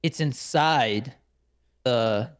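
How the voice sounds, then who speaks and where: A man's voice: medium pitch, drawn-out words. A young man co-hosting a podcast, telling stories in a casual chat, laughing often, swearing and acting out quotes. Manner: animated storyteller, laughs a lot, swears, acts out quotes. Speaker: podcast co-host.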